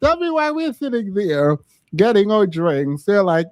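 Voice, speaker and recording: Co-host, man, high voice, dry close sound, lively storyteller. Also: a little slow, no room sound. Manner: animated storytelling with laughs. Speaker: podcast co-host. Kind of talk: casual chat.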